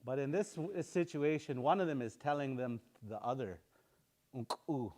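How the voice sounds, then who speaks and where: A man teaching a language class in a relaxed, casual way, saying words slowly and repeating them for learners. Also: mid-range voice.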